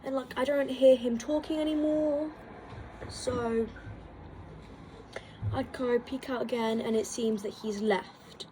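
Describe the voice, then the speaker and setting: A woman's voice: a little high, slow, long pauses, slight background noise. A woman casually telling a story, rambling with lots of "like" and acting out quoted dialogue. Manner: rambling, filler-heavy with lots of "like"; animated retelling with quoted dialogue. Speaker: storytime vlogger.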